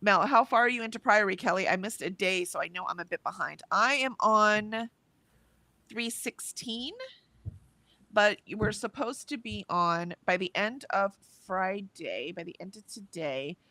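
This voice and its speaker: A woman co-hosting a livestream, chatting casually and reading viewers' messages aloud with lively lifts in her voice. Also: mid-range voice, measured pace, no echo. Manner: chatty, reads messages with bright lifts, laughs often. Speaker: livestream co-host reading chat.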